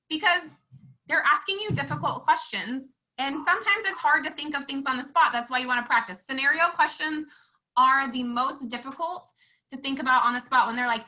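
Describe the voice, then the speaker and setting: Casting note: a chatty, upbeat woman instructor with a bright, forward tone and a fairly high voice. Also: lively intonation, brisk, low-quality recording. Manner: chatty and upbeat, acts out quoted lines. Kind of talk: casual teaching chat.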